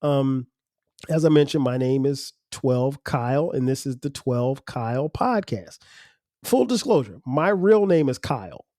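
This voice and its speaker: A man's voice: medium pitch, animated, a little slow, warm tone, no room sound, studio quality. A man hosting his own podcast, talking casually and loosely, restarting his words as he goes. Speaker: podcast host. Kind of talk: casual solo podcast talk.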